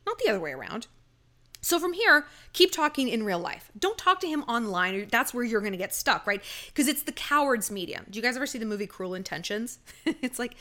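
Sassy, animated woman giving dating advice. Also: a little high, moderate pace. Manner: sassy, emphatic, swearing. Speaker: dating advice podcast host. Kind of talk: casual advice monologue.

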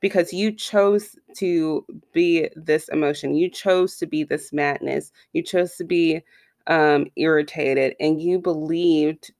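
A woman's voice: low-pitched, slow pace, a little mellow, no room sound, clean studio sound. A woman giving a casual motivational talk straight to her listeners, chatty, with frequent asides. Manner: conversational, addresses listeners directly with repeated asides.

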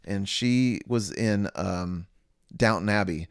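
A man's voice: fairly low pitch, slow pace, creaky, clean tone, no room sound, clean studio sound. A man co-hosting a casual podcast, rambling in a laid-back way with lots of filler words. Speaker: podcast co-host, barber. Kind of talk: casual chat.

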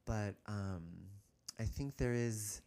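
A man speaking candidly as an interview guest, hesitant, with many restarts, and turning animated as he goes. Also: on the low side, slow. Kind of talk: candid personal conversation.

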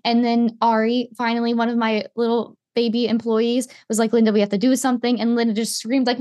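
Fast-talking young woman telling a story. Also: on the high side, no echo, clean studio sound. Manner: animated, swearing, acts out quotes. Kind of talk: casual chat.

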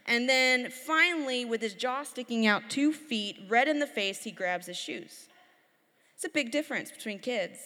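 A woman in her thirties preaching a sermon, telling lively stories and acting out her children's voices. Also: fairly high pitch. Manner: lively storytelling, acts out her kids' voices. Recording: long hall reverb.

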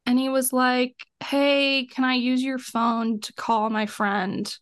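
A young adult woman with a high voice tells a story on a podcast, in lively casual chat. She swears freely and plays out both sides of the exchange herself. Her voice is recorded dry and close on the mic. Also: slow pace, clear, resonant tone, no room sound. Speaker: podcast co-host.

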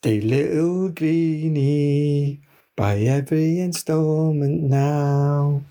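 A man's voice: on the high side, drawn-out words, dark tone, voice pushed up. A man doing a hammy advert announcer. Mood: hammy salesy. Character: over-the-top male advert announcer.

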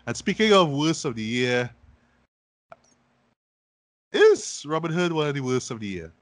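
A man's voice: a little high, very animated, unhurried, no echo. A man in casual podcast chat about movies, easygoing and agreeable, often restarting his sentences.

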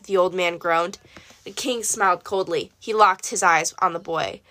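A woman narrating an audiobook in an expressive, lively first-person storytelling manner. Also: lowish voice, normal speed, no room sound. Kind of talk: audiobook reading.

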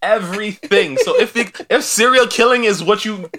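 A man's voice: high-pitched, normal speed, pushed and bright. A man co-hosting a podcast in casual chat, teasing his co-host and laughing often.

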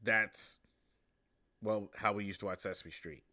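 A young adult man hosting a casual monologue, rambling and relaxed with many fillers. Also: on the low side, unhurried. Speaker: host.

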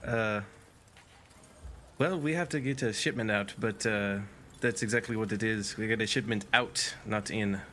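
A man doing a tough, practical woman who brushes people off. She speaks gruffly and briefly in a low voice. Everyday delivery at a tabletop game. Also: moderate pace, sharp tone, slight background noise. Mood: brusque. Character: blunt grown woman, brusque and practical.

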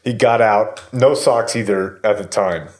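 A man's voice: lowish voice, unhurried. A man in his thirties telling a story in casual chat, rambling with lots of fillers and swearing. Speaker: podcast host telling a story.

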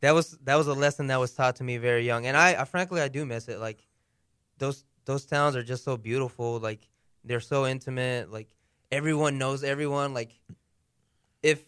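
A man in a relaxed podcast chat who reminisces reflectively and leans on filler words. His voice is smooth and resonant at a middle pitch. It is recorded dry, with no room echo. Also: moderate pace. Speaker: podcast guest, radio host. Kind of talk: casual chat.

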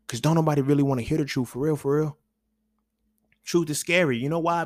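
In clean studio quality with no room sound, a man with a mid-range voice hosts a podcast. His monologue is loose, profane and slangy, and he repeatedly checks in with "you feel me."

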